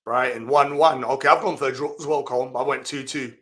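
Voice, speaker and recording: A man's voice: medium pitch, steady tone, fairly quick. A man hosting a live fantasy football stream, reading out viewer comments and reacting with laughs and exclamations. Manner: chatty, laughs often, reacts loudly to comments.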